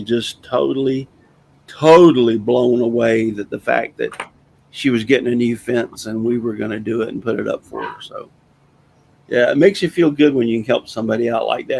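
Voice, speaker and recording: A man's voice: mid-range voice, gravelly, a little mellow, a little hiss or hum, rough recording. A man in his sixties hosting a casual chat show, telling a rambling, plainspoken story in a folksy way. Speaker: host.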